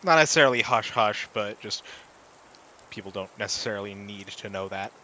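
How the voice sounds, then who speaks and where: A man's voice: fairly low pitch, a little fast, sharp tone, a little hiss or hum. A man playing in a tabletop game, chatting casually with a laugh never far off. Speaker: player.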